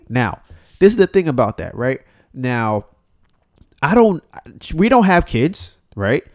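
A man of middle pitch hosting a relaxed podcast chat. He talks bluntly and swears freely. He keeps slipping into quick acted-out bits of what others said. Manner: blunt and profane, often acting out quotes. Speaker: podcast host.

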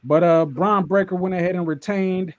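A man co-hosting a casual wrestling podcast, animated and joking as he recaps the show. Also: sits high, moderate pace, no room sound. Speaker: podcast co-host.

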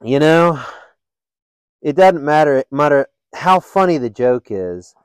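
A man's voice: a little high, slow pace, clean tone, dry recording, low-quality recording. Laughing male podcast host telling jokes. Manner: animated joke-telling, laughs often. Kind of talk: casual storytelling chat.

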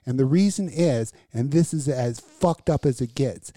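A man's voice: mid-range voice, lively intonation, normal speed, warm tone, no echo. A man co-hosting a crude, casual podcast chat, rambling and swearing from a close, dry mic. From United States. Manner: profane, rambling, joking. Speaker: podcast co-host.

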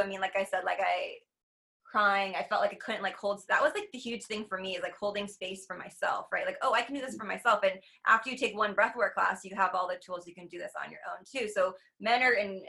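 A woman's voice: medium pitch, vocal fry, sharp tone. A woman who teaches breathwork and meditation, talking earnestly in a casual conversation, rambling with many likes and restarts.

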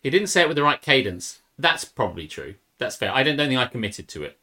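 A man's voice: mid-range voice, sing-song, fast talker, pushed and bright. A man from the United States co-hosting a livestream, chatting in a rambling, self-deprecating way. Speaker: stream co-host. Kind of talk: casual chat.

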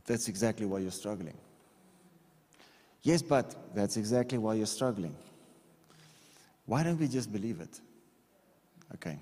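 A man preaching a relaxed, conversational sermon, often stopping to check that his listeners follow. His voice rings with a long reverb, like a church hall. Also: fairly low pitch, a little slow, long pauses. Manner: conversational, repeats okay, drawing on a board. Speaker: pastor.

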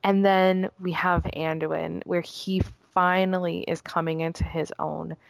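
A woman's voice: on the low side, flat delivery, creaky, no room sound. A woman guest in casual chat, gushing emotionally about a trailer. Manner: gushing and emotional, quick bursts. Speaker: guest discussing a game trailer.

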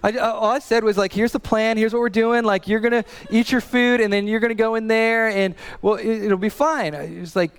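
A man in his thirties preaching a sermon as a pastor, telling a family story in a lively way and often repeating and restarting words. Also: sits high, a little fast, few pauses, clear, resonant tone, long reverb tail.

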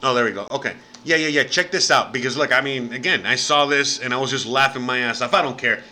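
A man's voice: mid-range voice, fast, sharp tone, a little hiss or hum. An American man vlogging to camera in a casual rant, profane and rambling, with lots of "you know what I mean". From United States. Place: living abroad in Mexico.

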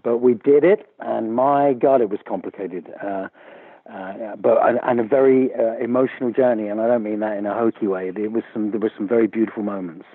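A man's voice: lowish voice, steady tone, fairly quick, slightly rough, no echo. A man, a musician guest in a casual interview, talking candidly and chatty with a self-deprecating tone over a phone line. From England.

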